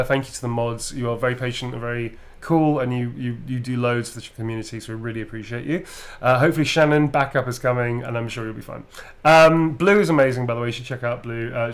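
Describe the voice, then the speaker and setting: A man hosting an autograph live stream, chatting casually in a playful, self-mocking way. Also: medium pitch.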